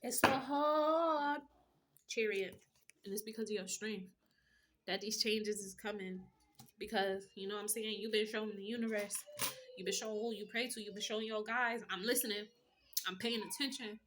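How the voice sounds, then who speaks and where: A woman's voice: medium pitch, level tone, a little fast, a bit bright, slight background noise. Blunt, profane woman reading tarot. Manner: blunt, profane, streetwise slang, pep-talk. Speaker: tarot reader. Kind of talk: casual tarot reading monologue.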